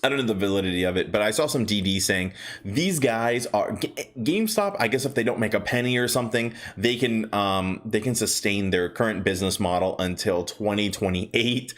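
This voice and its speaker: A man's voice: fairly low pitch, normal speed. A man hosting a casual stock market livestream, chatty and upbeat, greeting viewers by name and telling rambling stories with lots of fillers. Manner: rambling storytelling with many fillers.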